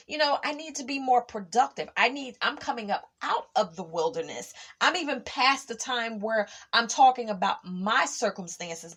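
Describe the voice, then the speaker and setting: A woman's voice: on the high side, fairly bright tone. A middle-aged woman hosting a faith podcast, talking emphatically and acting out past conversations. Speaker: podcast host. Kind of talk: casual faith podcast monologue.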